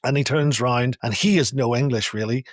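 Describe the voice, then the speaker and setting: A man co-hosting a podcast, telling an animated taxi story with laughs, in a casual chat. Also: mid-range voice, normal speed, no echo, clean studio sound. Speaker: podcast co-host.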